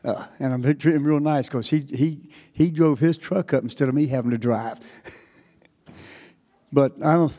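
A man in his sixties with a North Carolina accent, preaching a folksy, chatty sermon. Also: medium pitch. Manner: relaxed, chatty, laughs often. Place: church hall. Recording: echoey church hall.

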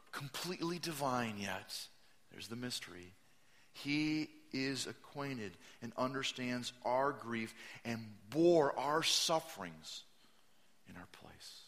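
A man preaching a sermon as pastor, telling stories animatedly, acting out quotes and raising his voice to a shout for emphasis. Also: mid-range voice.

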